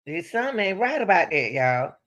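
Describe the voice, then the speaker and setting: A woman offers casual true-crime commentary, addressing her viewers directly with rhetorical questions and lively swings between high exclamations and low asides. She's brisk, and the sound is lo-fi.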